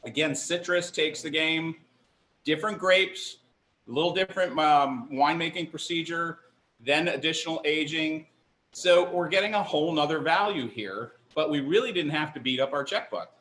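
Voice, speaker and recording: A middle-aged man teaches a live online wine tasting from an indoor kitchen counter, chatting enthusiastically and poking fun at himself. The fairly high, fairly bright voice moves at normal speed, with reverberation and slight background noise.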